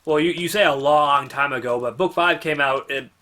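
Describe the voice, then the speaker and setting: A man's voice: fairly high pitch, moderate pace, bright, forceful tone. Bantering man playing a game. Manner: argumentative, joking, reads on-screen text aloud. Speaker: player and co-host. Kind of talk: casual let's-play banter.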